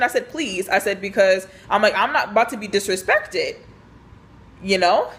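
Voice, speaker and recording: A woman's voice: medium pitch, moderate pace. A young woman, chatting casually as she tells a storytime about work, full of fillers and acted-out dialogue. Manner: chatty, animated, lots of fillers and quoted dialogue. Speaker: vlogger telling a work story.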